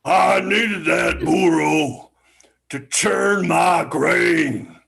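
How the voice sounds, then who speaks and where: A hulking, grumpy giant rumbles out his words slowly and heavily, as a man puts on the voice for an improv scene. The tone is gravelly and a little husky, with a hard, bright edge when he bellows. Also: heavily acted. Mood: grumbling. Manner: booming, slow and menacing. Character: huge grumpy male giant who owns a mill.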